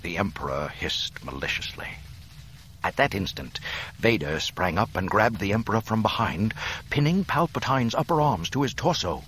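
A middle-aged man reads a dramatic audiobook in a low, deep voice. His delivery is expressive and animated, with wide swings in pitch, over a faint background noise. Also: moderate pace, low-quality recording. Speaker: audiobook narrator.

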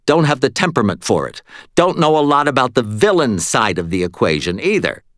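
A man voicing a gruff, irritable middle-aged male medium with a croaky, blunt way of talking, in an audiobook reading. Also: mid-range voice, big pitch swings, a little fast, a bit bright, no room sound, studio quality. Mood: defiant.

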